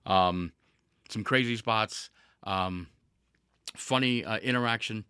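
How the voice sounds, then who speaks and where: A man's voice: lowish voice, slow pace, pushed and bright, clean tone, no room sound, clean studio sound. A man hosting a casual podcast, telling a story with energy, with laughs and restarts along the way. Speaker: podcast host.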